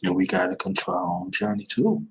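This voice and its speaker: A man's voice: medium pitch, sing-song, a little fast, vocal fry, a little hiss or hum, rough recording. A man in his fifties hosting a livestream, giving an emphatic, repetitive motivational talk. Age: 50s. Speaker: livestream host.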